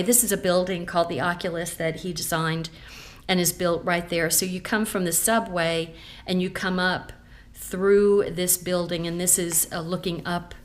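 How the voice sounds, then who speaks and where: Chatty woman showing a scrapbook. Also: lowish voice. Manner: chatty and rambling, with many fillers. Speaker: scrapbooking consultant. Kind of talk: casual show-and-tell vlog.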